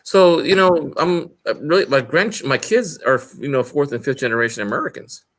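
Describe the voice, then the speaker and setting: A man from California in a casual chat, telling stories about his life in a slow, deliberate way. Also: on the high side, expressive.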